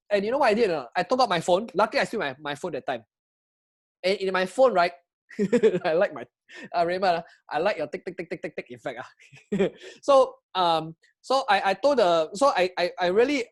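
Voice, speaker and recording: Singaporean guy vlogging a travel mishap, excitable and chatty, keeps asking the viewers stuff. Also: high voice. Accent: Singaporean English. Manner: excitable, chatty, asks viewers questions, frequent laughs and restarts. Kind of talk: animated personal storytelling to camera.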